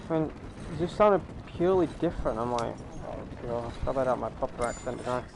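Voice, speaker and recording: A man's voice: mid-range voice, fast talker, vocal fry, noisy background. Rambling male gamer on a headset mic. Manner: rambling, lots of fillers and restarts. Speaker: gaming streamer. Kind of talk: casual chat over gameplay. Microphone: gaming headset.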